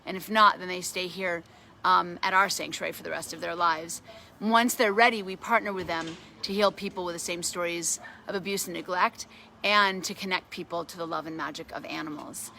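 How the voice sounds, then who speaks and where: Woman, middle-aged, bright tone, casual storytelling, animated, faint outdoor background. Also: fairly low pitch, a little fast, creaky, slight background noise. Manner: animated, grows excited while retelling a story. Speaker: animal sanctuary founder. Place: outdoors at a farm sanctuary.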